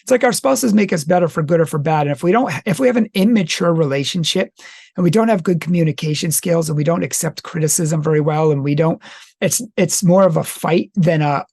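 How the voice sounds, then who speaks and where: Gravelly, earnest male host. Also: on the high side, a little mellow, no echo, studio quality. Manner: earnest, talks things through at length. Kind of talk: casual conversation.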